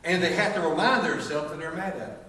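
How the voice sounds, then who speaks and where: A middle-aged Southern pastor preaches quickly in a fairly high, bright, forceful voice, telling folksy, humorous stories, joking, and acting out voices. He's heard from a distance in an echoey church sanctuary with faint noise.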